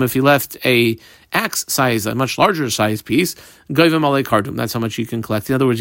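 A man's voice: mid-range voice, fairly bright tone, dry recording, studio quality. A man teaching a text study class, reading each term aloud and then explaining it in plain words, step by step. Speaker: Talmud teacher.

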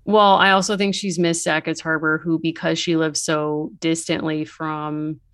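A woman's voice: low voice, unhurried, smooth, no echo. A woman co-hosting a casual book chat, talking animatedly with lots of fillers. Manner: animated, filler-heavy, mimics characters in quotes. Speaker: podcast co-host. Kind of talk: casual chat about books.

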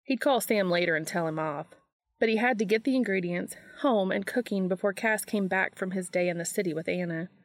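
A woman narrates a fan fiction audiobook in a steady, measured manner. Her voice sits a little low. The recording is close and dry with no room sound. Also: dry recording.

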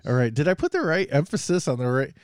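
A man's voice: a little high, sing-song, fast talker, smooth, no room sound. Dry-voiced joking male podcast host. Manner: joking, rambling, self-deprecating. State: a bit under the weather. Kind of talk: casual podcast chat.

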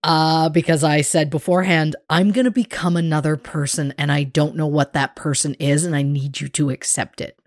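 In a casual podcast chat, a woman with a low voice tells an animated story at normal speed, barely pausing, and acts out what others said. The sound is crisp studio audio without echo.

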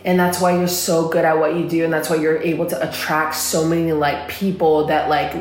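An animated woman coach with a fairly low voice, chatting casually and swearing freely. Her speech is full of "like" fillers and quick asides. The room around her is roomy and echoing. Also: a little hiss or hum. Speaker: spiritual and business coach. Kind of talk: casual podcast conversation.

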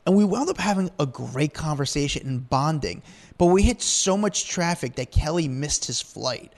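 A man's voice: fairly high pitch, lively intonation. A man on a podcast telling stories in a casual, rambling way, with many fillers along the way. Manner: rapid, rambling, full of "like" fillers. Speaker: podcast guest. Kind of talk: animated storytelling in casual chat.

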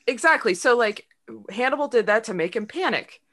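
A chatty woman recaps an episode on a casual podcast, with a bright, forward voice. She talks loosely, leaning on fillers, and laughs often with her co-hosts. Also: on the high side, animated, a little fast. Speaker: podcast co-host.

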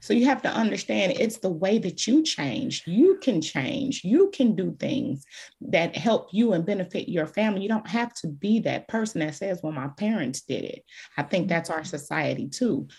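A woman's voice: on the low side, animated, moderate pace, creaky, a little mellow, slightly rough. A woman guest on a podcast, telling her story in an emphatic and candid way. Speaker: podcast guest, childhood trauma advocate. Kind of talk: conversational podcast interview.

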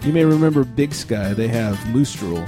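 A man hosting a casual beer podcast, relaxed and chatty, laughing often. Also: mid-range voice, normal speed, music in the background. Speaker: podcast host. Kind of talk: casual chat.

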